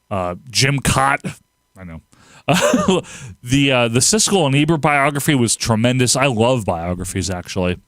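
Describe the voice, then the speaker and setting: A man's voice: medium pitch, no echo. A man, hosting a casual livestream, reading viewer comments and rambling with frequent laughs. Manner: rambling, laughs often, animated outbursts. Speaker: livestream host.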